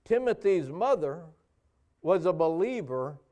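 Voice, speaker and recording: A pastor preaching and praying before his congregation in a church, with an earnest, halting delivery and frequent pauses. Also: on the high side, sing-song, mellow. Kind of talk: sermon. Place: church sanctuary.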